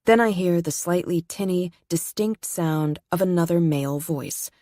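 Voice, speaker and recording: Female audiobook narrator, low register, dry close sound, steady first-person delivery. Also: moderate pace, dry recording.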